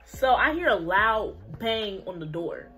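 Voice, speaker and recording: A woman's voice: medium pitch, measured pace. Young woman, storytime vlogger, salty slang-heavy chat, faint music under her. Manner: profane, slangy, animated storytelling. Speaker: YouTuber telling a story. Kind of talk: casual storytime vlog.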